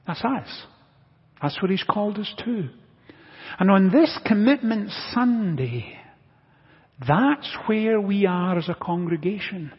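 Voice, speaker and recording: High-voiced pastor in an echoing sanctuary. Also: male voice, lively intonation, slow pace, pauses often, slightly rough. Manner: earnest, builds to emphatic repetition. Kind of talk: sermon. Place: church sanctuary. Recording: dull lo-fi audio with long church reverb.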